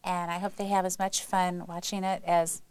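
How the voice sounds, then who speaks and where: An older woman being interviewed as an actress, brisk and teasing in reunion chat. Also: on the low side, level tone, clean tone, dry recording. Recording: loud background noise.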